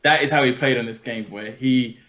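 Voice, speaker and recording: A man's voice: medium pitch, fairly quick, fairly bright tone. A young man chatting casually as a podcast co-host, emphatic and repeating his points. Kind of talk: casual chat.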